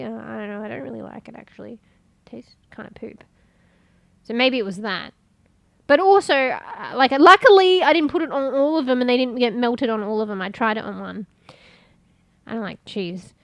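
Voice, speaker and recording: A woman's voice: fairly high pitch, creaky, fairly bright tone, no room sound. A woman, chatting casually and rambling while streaming, swearing offhand and sounding congested.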